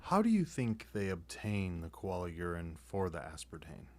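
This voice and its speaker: A man's voice: low-pitched, big pitch swings, normal speed, darkish tone. A man hosting a podcast, playing the dry straight man with short prompting questions. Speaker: podcast host. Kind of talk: casual comedic chat.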